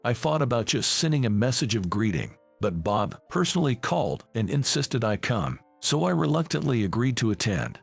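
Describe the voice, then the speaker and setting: Gravelly male storyteller, lively pitch. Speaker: narrator. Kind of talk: first-person story narration. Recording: faint background music.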